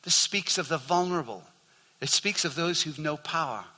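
A man's voice: a little high, expressive, normal speed, sharp tone. An older man preaching a sermon, earnest and fond of repeating his key phrases for emphasis. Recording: hall reverb.

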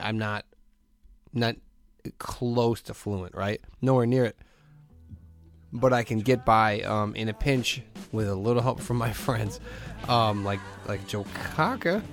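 Animated man telling a story, dry close sound. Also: medium pitch, dry recording. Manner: animated storyteller who acts out quoted lines. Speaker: podcast host. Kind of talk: casual chat.

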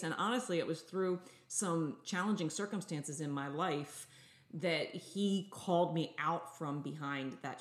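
A woman's voice: low-pitched, reverberant. A woman sharing a faith story earnestly, as co-host of a Christian talk show. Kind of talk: faith-based podcast chat.

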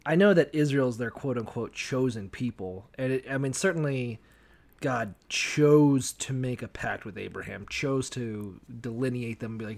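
A man's voice: medium pitch, normal speed, gravelly, a little mellow. A man co-hosting a casual podcast chat, irreverent and profane, laughing often and acting out voices. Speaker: podcast co-host.

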